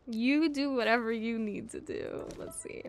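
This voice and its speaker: A young woman streaming a co-op game, chatting casually in a bubbly, giggly, excitable way. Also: fairly high pitch, takes it slowly, slight background noise. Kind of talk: casual let's play chat.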